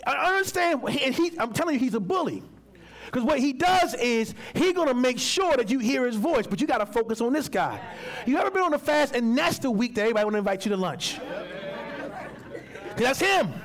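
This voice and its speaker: Lively, high-voiced preacher man. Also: brisk, a faint crowd. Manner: animated preaching with colloquial asides and acted-out voices; teaches with props and volunteers, calls on readers. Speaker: pastor. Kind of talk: sermon.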